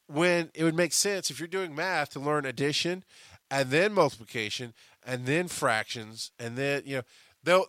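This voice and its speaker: A man's voice: fairly high pitch, no echo, studio quality. A man hosting a podcast, telling stories in a casual, profane monologue with lots of restarts. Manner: profane, animated storytelling with frequent restarts. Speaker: podcast host.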